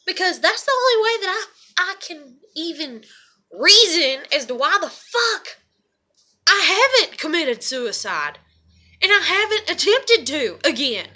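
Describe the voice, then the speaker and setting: High bright-voiced woman, ranting and swearing. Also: very animated, moderate pace. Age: adult parent. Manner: profane, ranting, repetitive. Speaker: vlogger. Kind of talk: emotional venting monologue.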